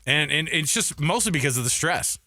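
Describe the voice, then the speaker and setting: A man's voice: a little high, a little fast, dry recording, clean studio sound. A man co-hosting a sports radio show, chatting casually and telling stories with lots of laughter. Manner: animated, laughing storyteller. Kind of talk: casual sports talk chat.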